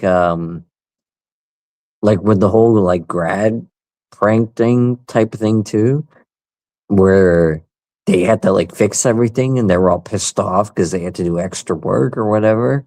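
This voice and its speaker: A man's voice: lowish voice, darkish tone. A man in casual chat, rambling with many fillers and some swearing. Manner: slow, rambling, filler-heavy.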